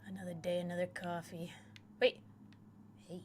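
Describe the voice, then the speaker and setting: A young woman streaming a horror game, whispering game text softly and then chatting loudly and excitedly. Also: on the low side, normal speed, slight background noise. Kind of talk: live gameplay commentary.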